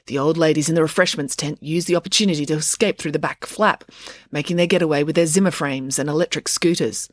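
A woman narrating a children's storybook aloud, lively and dramatic. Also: low voice, fast, no echo, clean studio sound. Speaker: audiobook narrator.

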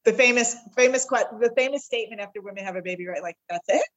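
A woman's voice: a little high, fast talker, dull audio. A woman guest on a podcast, telling a heartfelt personal story and acting out the voices of the people in it. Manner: heartfelt, acts out the quoted voices.

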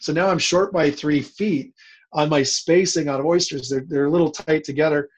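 Man, guest storyteller, slightly high voice, rambling, animated, restarts a lot. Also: moderate pace, husky. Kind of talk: storytelling interview.

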